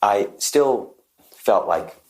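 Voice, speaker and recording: A man talking as a guest coach on a podcast, lively and quick with short agreeing interjections. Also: lowish voice. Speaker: guest, happiness and positive psychology coach.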